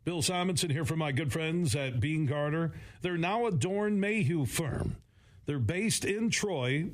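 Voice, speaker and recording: Measured male radio ad announcer. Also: fairly high pitch. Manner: steady, measured announcer read. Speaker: radio ad reader. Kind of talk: read radio advertisement.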